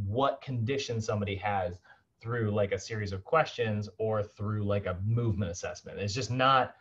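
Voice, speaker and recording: A man teaching a fitness course in a casual recorded lecture, chatty and animated, laughing often and acting out the people he describes. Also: fairly low pitch, normal speed, slightly rough. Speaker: fitness instructor. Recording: slightly dull lo-fi sound.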